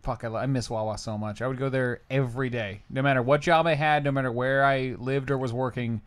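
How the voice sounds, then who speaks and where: A man's voice: mid-range voice, steady tone, brisk, clean tone. A man co-hosting a casual movie commentary, laughing often and reading chat comments aloud. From Philadelphia area. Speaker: podcast co-host.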